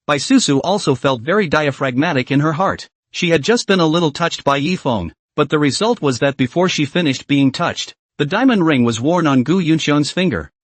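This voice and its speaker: A man reading a scripted story recap narration in a lively, expressive way. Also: on the high side, no room sound.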